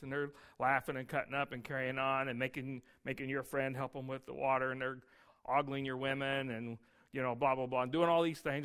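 A male pastor preaching a sermon, telling the story lively and acting out scenes. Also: fairly high pitch.

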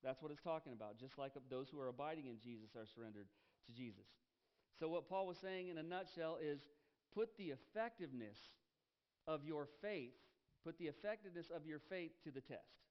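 Emphatic pastor, dull headset sound. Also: male voice, fairly high pitch, lively intonation, brisk. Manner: emphatic, repeats key phrases, asks the congregation questions. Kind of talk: sermon.

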